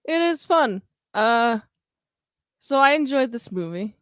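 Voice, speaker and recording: A woman co-hosting a casual podcast chat, animated and acting out quotes as she talks. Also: on the high side, slow pace, no room sound, studio quality. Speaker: podcast co-host.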